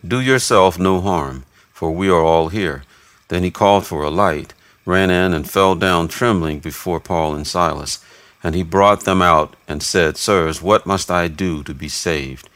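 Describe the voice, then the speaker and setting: Low-voiced man reading scripture. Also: no echo. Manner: measured, even reading of narration and quotes alike. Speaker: scripture reader.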